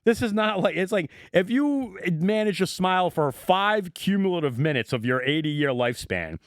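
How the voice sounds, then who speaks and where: A man's voice: high-pitched, expressive, normal speed, dry recording, studio quality. A man co-hosting a podcast, rambling loosely with lots of fillers and cynical jokes. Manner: rambling, filler-heavy, bleakly joking. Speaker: podcast co-host. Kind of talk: casual chat.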